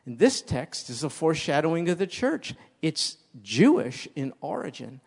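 A man's voice: on the high side, big pitch swings, normal speed, vocal fry, darkish tone, slightly rough. A man preaching a sermon as pastor, emphatic and repeating key phrases for stress.

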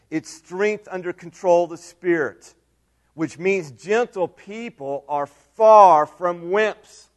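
A man preaching a sermon to his congregation, earnest, repeating key phrases and swinging between loud emphasis and quiet asides. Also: sits high. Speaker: pastor.

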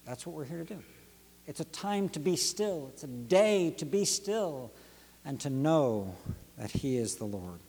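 Guy preaching a sermon, kinda high voice, swings from hushed to fired up, big echoey church. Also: sing-song, a little slow, slightly rough. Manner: rhythmic, dynamic preaching with dramatic drops to near whisper and rising emphatic peaks. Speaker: pastor. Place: church sanctuary.

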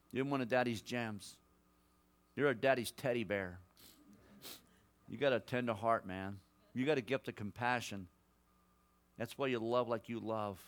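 Male guest preacher, prophetic sermon, mid-pitched voice, surges loud then drops to a hush, calls folks son and daughter. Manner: emphatic, swings between loud exhortation and hushed personal words; addresses listeners directly as son, daughter, brother.

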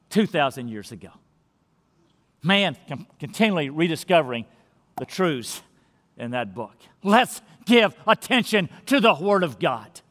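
A man preaching a sermon as pastor, emphatic and swinging from loud declarations to hushed lines. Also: high-pitched. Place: church sanctuary. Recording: long church reverb.

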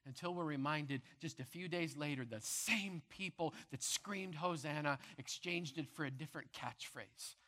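A man preaching a sermon as pastor with impassioned delivery, rising to loud proclamations and dropping to hushed tones. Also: a little high, moderate pace, hardly any pauses. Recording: long reverb of a large hall.

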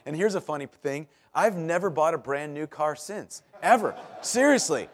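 Man, middle-aged, preacher, sermon, chatty anecdotes, self-deprecating, higher pitch. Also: moderate pace. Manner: chatty storytelling with self-deprecating humor and laughs; animated, rises in pitch and volume at punchlines. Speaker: pastor.

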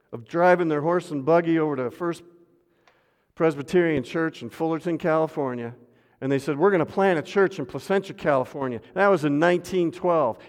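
A man preaching a sermon as pastor, swinging from loud refrains to hushed asides and calling on the congregation to repeat after him. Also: fairly high pitch. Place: church sanctuary. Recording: long hall reverb.

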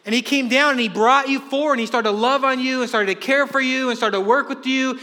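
Man, pastor, lively sermon, high voice, long hall reverb. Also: fast, few pauses. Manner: energetic preaching, acts out quoted voices.

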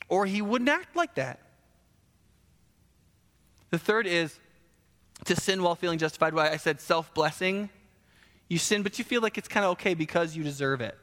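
A male pastor preaching a sermon in an animated, conversational way, full of rhetorical questions. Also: high-pitched. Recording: long hall reverb.

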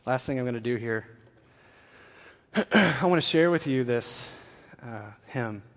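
In an echoing church hall with long reverb, a pastor gives an earnest, conversational sermon at a measured pace, often saying "uh" and restarting. He speaks in an expressive, middle-pitched voice.

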